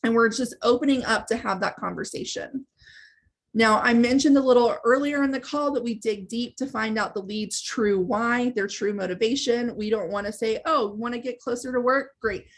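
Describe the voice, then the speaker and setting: A woman's voice: on the high side, moderate pace. A woman hosting a live training webinar, explaining step by step in a conversational way. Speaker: webinar host and sales trainer.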